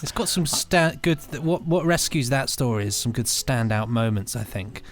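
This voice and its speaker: A man's voice: medium pitch, lively intonation, moderate pace, faint music behind. A man co-hosting a podcast, chatting in an easygoing, enthusiastic way. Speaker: podcast co-host. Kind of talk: casual podcast commentary chat.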